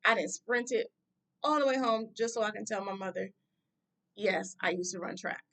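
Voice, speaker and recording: Gravelly woman telling a story bluntly. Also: medium pitch, normal speed, fairly bright tone. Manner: emphatic, blunt, conversational. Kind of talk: personal story time.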